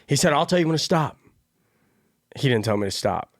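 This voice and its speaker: A young man, a guest on a podcast, telling stories in a relaxed way and saying "bro" a lot. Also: medium pitch, a little fast, no room sound, studio quality. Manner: relaxed storyteller, says "bro". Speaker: guest artist. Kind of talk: casual chat.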